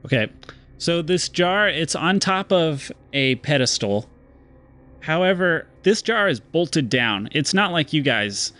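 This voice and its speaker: A man's voice: a little high, expressive, sharp tone. Man narrating as game master. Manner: descriptive, slows down for dramatic moments.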